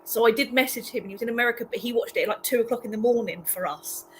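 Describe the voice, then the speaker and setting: A woman chats as a guest on a loose live stream, giggling and poking fun at herself. Her voice sits fairly high. A faint noise runs under her. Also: very fast. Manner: giggly, self-deprecating. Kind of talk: casual live-stream chat.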